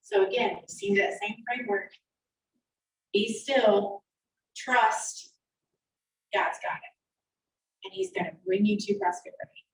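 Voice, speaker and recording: A woman's voice: fairly high pitch, very animated, unhurried, far from the mic. Woman elder teaching scripture over a video call. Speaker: church elder. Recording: echoey video-call audio from off the mic.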